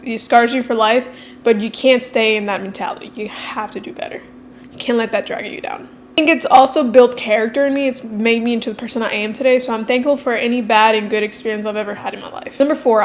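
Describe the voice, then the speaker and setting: A woman speaking candidly and quickly in a casual personal vlog, with frequent fillers. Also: on the high side, a little hiss or hum. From Mexican heritage. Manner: fast-talking, candid, many fillers. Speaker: coach and content creator.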